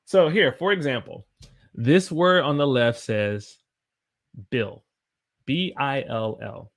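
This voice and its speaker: A man with a Southern US accent teaching English pronunciation, repeating example words again and again and answering viewer comments. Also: mid-range voice. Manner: slow, repeats demonstration words over and over. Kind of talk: pronunciation lesson with viewer chat.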